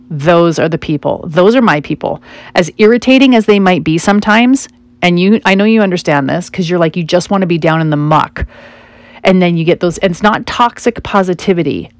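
Low-voiced woman giving a motivational talk. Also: moderate pace, no room sound. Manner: conversational, with animated quoted asides. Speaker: self-help speaker.

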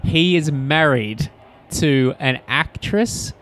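A man co-hosting a casual chat about a TV episode, acting out quotes in higher voices. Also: takes it slowly. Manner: animated storyteller, acts out quotes in higher voices. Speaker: podcast co-host.

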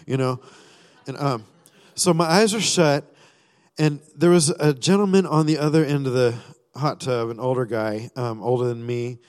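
A man tells his testimony from the church floor at a moderate pace, his medium-pitched, slightly mellow voice fairly even in intonation. He wanders through fillers and restarts, dramatizing his thoughts and prayers, while a large hall lends long reverb.

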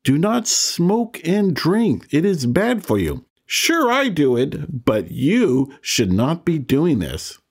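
A man putting on a high voice to mimic a careless mother who treats a child's misery as a joke. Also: big pitch swings, slow, hardly any pauses, slightly rough, full character voice. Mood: lecturing. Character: mocking mother, breezy and careless.

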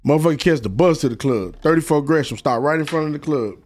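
A man, a guest DJ telling stories in casual, profane, animated talk and acting out voices. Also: fairly high pitch, fast talker. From Atlanta, US. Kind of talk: casual storytelling.

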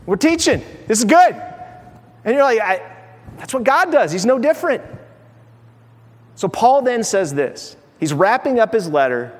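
A middle-aged man preaching a sermon as pastor, animated and humorous, acting out everyday voices. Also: high voice, a little slow, pauses often. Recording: long reverb of a large hall.

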